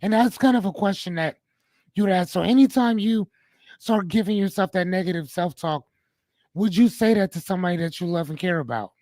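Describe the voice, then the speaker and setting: A man hosting a casual live-stream chat, animated and repeating his questions to the guests. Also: high-pitched, a little fast, no room sound. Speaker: host.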